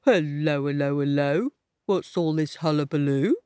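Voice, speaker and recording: A woman's voice: low-pitched, moderate pace, dark tone, a little hiss or hum, pitched below the performer's own voice, natural voice. A woman doing a hearty boastful donkey. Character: cheerful boastful male donkey.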